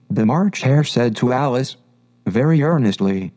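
Slow, mellow male storyteller. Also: medium pitch, muffled recording. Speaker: narrator. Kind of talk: storybook reading.

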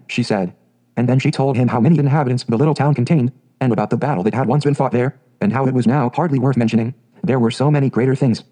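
A man narrating a fairy tale audiobook in a steady, measured way. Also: medium pitch, low-quality recording.

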